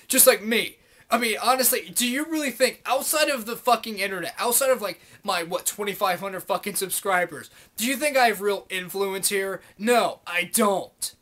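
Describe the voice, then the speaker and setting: A man's voice: high voice, sharp tone. A young man delivering a sarcastic, profane ranting monologue to his camera, mocking people in put-on voices. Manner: sarcastic, swears constantly, mocks others in put-on voices. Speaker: video blogger.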